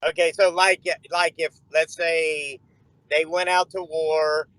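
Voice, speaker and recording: A man's voice: on the high side, level tone, slow pace, bright, forceful tone, clean tone, no room sound, rough recording. Hesitant male caller arguing his point. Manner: hesitant, lots of fillers and restarts while defending a point. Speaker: caller debating the hosts. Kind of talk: heated call-in debate.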